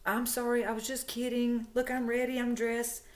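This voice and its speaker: A woman recounting the words of a pushy man who keeps insisting everything is fine. He plays it off as a joke and won't take no for an answer. The voice sits a little higher than her own. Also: level tone, normal speed. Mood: coaxing. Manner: coaxing, dismissive, insistent. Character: pushy male co-worker, falsely playful. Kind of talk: quoted dialogue in a spoken story.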